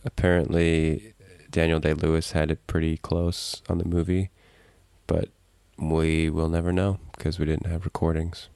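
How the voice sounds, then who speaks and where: A man's voice: very deep voice, level tone, moderate pace, darkish tone, clean tone, no room sound. A man co-hosting a podcast in casual chat, dry and matter-of-fact as he shares trivia. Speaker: podcast co-host.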